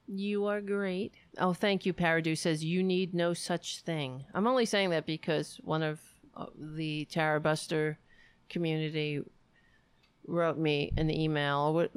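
A middle-aged woman hosting a casual live stream, reading chat messages aloud and chatting in a wry, rambling way with quick asides. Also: low voice, smooth, no echo. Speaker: livestream host reading chat.

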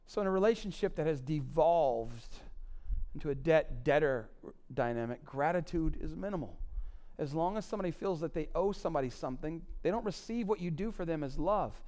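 A man in his forties preaching a sermon on marriage, swinging between loud emphatic lines and low quiet asides. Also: animated, brisk. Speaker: pastor.

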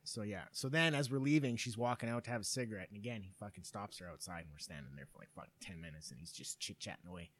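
A man's voice: on the low side, quick pace, few pauses, a bit bright. A man in his thirties, a podcast co-host telling a long story in casual, profane chat.

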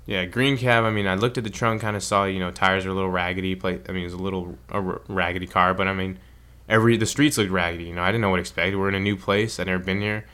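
A man co-hosting a podcast, casually retelling a trip in a rambling, animated way. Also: deep voice, very fast, clear, resonant tone. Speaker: podcast co-host. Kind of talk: casual storytelling chat.

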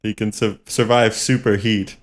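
A man's voice: lowish voice, steady tone, normal speed. A man co-hosting a podcast in loose, casual chat, laughing and swearing freely. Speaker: podcast co-host.

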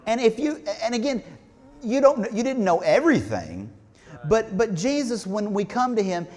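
This high-pitched man speaks at normal speed with big pitch swings, his voice filling a large hall. He's a pastor preaching in a church sanctuary, talking conversationally and posing questions to the congregation.

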